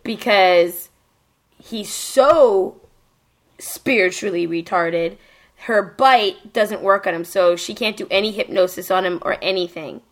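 A woman's voice: medium pitch, slow. A woman hosting a casual podcast, recapping an anime in a rambling, profane way full of fillers. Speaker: podcast host.

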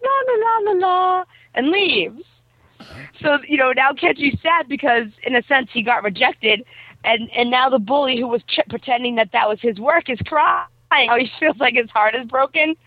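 A woman in casual conversation who rambles animatedly, full of fillers, as she recounts a story. Her voice is somewhat high. It comes through a thin, phone-like channel with a dry sound. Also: normal speed, no echo. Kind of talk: casual chat retelling an anime plot.

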